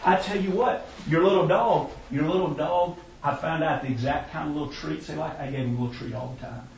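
A man playing a smooth-talking, self-satisfied dog trainer who chats in a soft, reassuring way. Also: on the high side, brisk, a little hiss or hum. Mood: smug. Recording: echoey room, distant mic, muffled.

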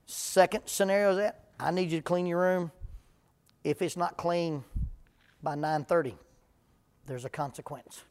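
A middle-aged man with a drawl and a voice pitched a bit high speaks as a preacher to a live audience. He tells homespun stories and slips in dry, deadpan jokes. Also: measured pace, long pauses. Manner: humorous storytelling, deadpan jokes. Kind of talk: folksy talk to a live audience.

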